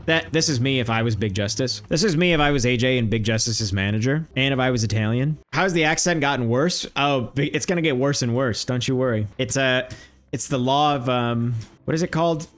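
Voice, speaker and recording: A man's voice: medium pitch, a little fast, fairly bright tone. A man streaming live, riffing in loose, rambling comedy bits and reacting to chat.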